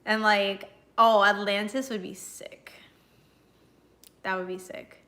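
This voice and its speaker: Streaming from home, a young woman talks slowly with her viewers in a sharp, mid-range voice with fairly even intonation. The live-stream chat is loose, full of frequent laughter and casual swearing.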